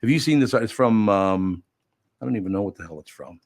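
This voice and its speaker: Older male host, low-pitched, dry close mic, loose and self-mocking delivery. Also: lively intonation, a little fast, dry recording. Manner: rambling, wry, self-mocking. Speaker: radio show host. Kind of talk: casual chat.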